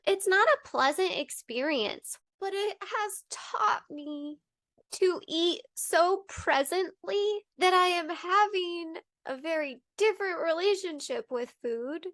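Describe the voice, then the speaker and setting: High-voiced young woman podcast host. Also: a little slow, dry recording, studio quality. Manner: open, animated storytelling with laughs. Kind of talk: candid podcast conversation.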